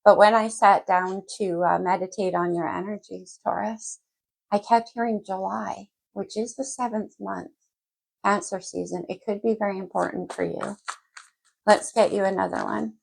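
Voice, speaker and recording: Addressing the viewer directly by sign, a woman offers a casual general tarot reading, wandering away from her point and then returning to it. She speaks at normal speed with fairly even intonation, her medium-pitched voice gravelly, on a low-quality recording.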